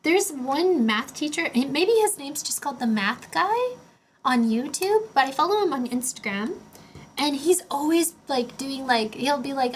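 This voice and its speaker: A woman's voice: high-pitched, expressive, moderate pace, slight background noise. A young woman livestreaming casually, rambling and chatty with lots of filler words while she builds a Lego set and answers chat. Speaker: streamer.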